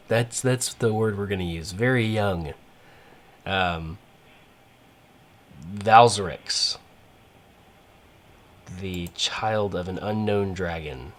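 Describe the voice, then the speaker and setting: A man giving rambling, casual gameplay commentary, full of fillers and restarts. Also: sits low. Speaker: gaming channel host.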